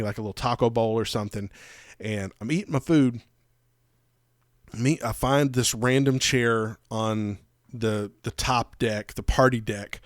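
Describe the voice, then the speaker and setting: A man with a drawl tells a long, winding anecdote, often restarting his sentences. His voice sits at an ordinary middle pitch. The sound is dry and close to the mic. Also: no echo. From Georgia, USA. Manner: rambling, animated anecdotes with frequent restarts. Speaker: podcast host. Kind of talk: casual storytelling chat.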